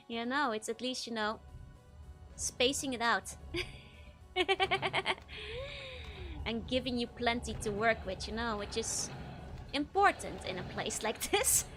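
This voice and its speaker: A woman's voice: on the high side, bright, forceful tone. Giggly Dutch-accented woman streamer. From Netherlands. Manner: giggly, laughs often between sentences. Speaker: VTuber streamer. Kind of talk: casual gameplay chat with chat readers.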